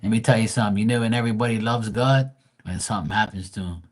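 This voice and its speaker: Male tarot streamer, fairly low voice, blunt and foul-mouthed, casual chat with viewers. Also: quick pace. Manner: blunt, profane, greets chat viewers by name. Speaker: livestream tarot reader.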